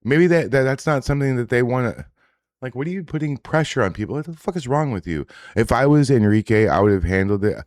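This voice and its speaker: A man's voice: mid-range voice, expressive, quick pace, darkish tone, dry recording, studio quality. A man hosting a casual reaction stream, talking in a profane, rambling way with indignant asides. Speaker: streamer host reacting to social media posts. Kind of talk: casual livestream reaction commentary.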